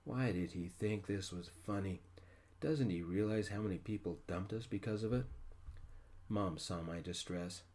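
A man narrating a story in a soft-spoken ASMR style, gentle and hushed. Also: low-pitched, moderate pace.

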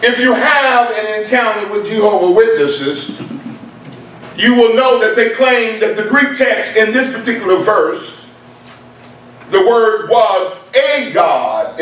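High-voiced man preaching in an echoey church. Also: a bit bright, slight background noise. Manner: emphatic, repeats key points for stress. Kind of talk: sermon. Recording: very echoey room, mic far off.

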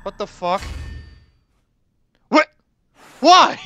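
A man doing jokey, profane, excitable gameplay commentary as a let's play host. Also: very high voice, very slow, muffled recording, a little hiss or hum.

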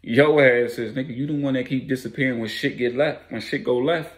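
A man's voice: mid-range voice, brisk, close to an everyday voice. A man voicing a hostile male gang enforcer who accuses a rival in profane street talk. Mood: menacing.

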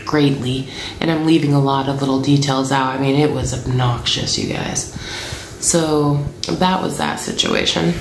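A woman in her thirties telling a family travel story to camera in a chatty, animated way, acting out what people said. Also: rumbling low, normal speed, reverberant, slight background noise, low-quality recording. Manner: chatty, animated, acts out quotes.

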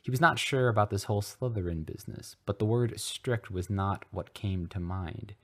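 A very deep-voiced man narrates fanfiction for a podcast. He reads in a deadpan way, as if it were serious. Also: a little fast. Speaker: podcast host reading fanfiction. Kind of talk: comedic story reading.

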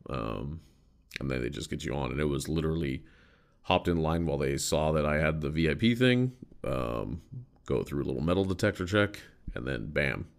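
A man's voice: very deep voice, expressive, normal speed, gravelly. An American man hosting a podcast, telling a story in a loose, rambling way with casual swearing. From United States. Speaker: podcast host.

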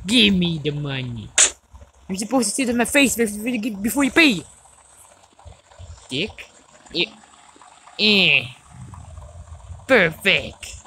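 Woman gamer yelling n swearing at the game, voice jumps all over, noisy mic w clicks. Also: mid-range voice, big pitch swings, takes it slowly, long pauses. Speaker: gaming video host. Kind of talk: let's-play commentary.

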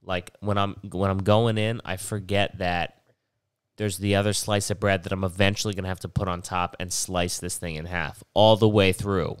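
A man's voice: deep voice, flat delivery, normal speed, clear, resonant tone, no room sound, studio quality. A young man hosting a podcast while sick with a stuffy, nasal voice, rambling casually and swearing often. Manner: rambling, profane, digressive. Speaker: podcast host.

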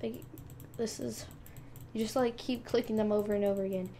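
A young gaming channel host talks playfully with viewers while clicking through her game, offering casual commentary. Her mid-range voice is warm and fairly even, brisk yet broken by long pauses, with a little hiss or hum in the audio.

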